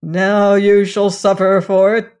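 A storyteller giving voice to a harsh, stern male master in a fairy tale read aloud, speaking slowly with a raised, threatening voice. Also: medium pitch, little pitch movement, darkish tone, clean tone, natural voice.

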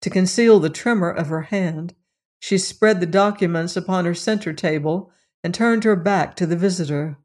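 Steady audiobook narrator. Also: mid-range voice, normal speed. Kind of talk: scripted narration.

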